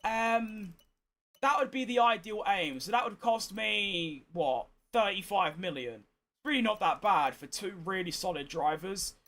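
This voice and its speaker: Hoarse man talking over a game. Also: high voice, animated, measured pace, pushed and bright. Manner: chatty, exasperated, swears freely. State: hoarse, tired. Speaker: gaming streamer. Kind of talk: casual gameplay commentary.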